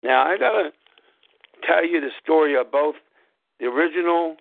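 A man hosting a show, telling a personal story in a slow, deliberate way and spelling things out letter by letter. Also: fairly high pitch, lively intonation, creaky, no room sound. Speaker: podcast host. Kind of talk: casual storytelling monologue. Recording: tinny phone-like line, dry.

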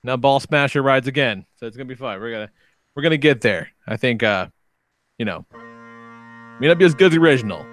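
A man's voice: medium pitch, lively intonation, fast talker, long pauses, a bit bright, dry recording, soft background music. A young man hosting a podcast, telling a game story in casual chat, swearing and acting out quotes. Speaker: podcast host.

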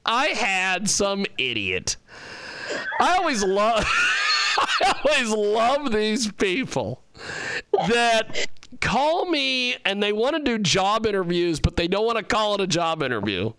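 A man hosts a radio show in a high, bright, very clear voice that swoops up and down. He talks at an unhurried pace, rambling through stories and laughing often. The sound is dry and close. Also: very animated, no room sound. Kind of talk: casual radio chat.

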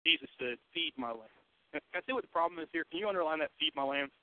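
A male pastor with a high voice, preaching a sermon. He moves from loud, emphatic bursts to quiet, hushed asides and keeps asking the congregation questions. The sound is dry and narrow, like it came over a phone line. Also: animated, fast talker, no echo. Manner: conversational, asks the congregation questions.

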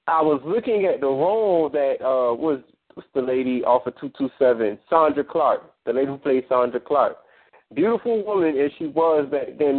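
A man moderating a call-in line, talking casually with lots of uh and um and restarts. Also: medium pitch. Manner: rambling, full of fillers and restarts. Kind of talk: casual phone-in discussion. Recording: tinny phone line.

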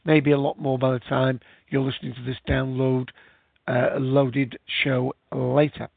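A man's voice: medium pitch, flat delivery, a little slow, gravelly, dry recording. A man hosting a casual live show, chatting in a rambling way with many fillers. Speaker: podcast host. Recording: tinny, phone-like, dry sound.

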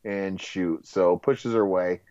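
A man co-hosting a casual movie podcast, relaxed, sharing film trivia and laughing along. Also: deep voice, measured pace, no room sound. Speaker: podcast co-host. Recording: dry, dull lo-fi mic.

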